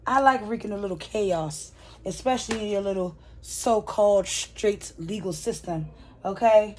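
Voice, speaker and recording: A woman voicing a scheming woman club owner in a mocking, drawn-out way. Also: medium pitch, darkish tone, a little hiss or hum, lightly acted. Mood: smug.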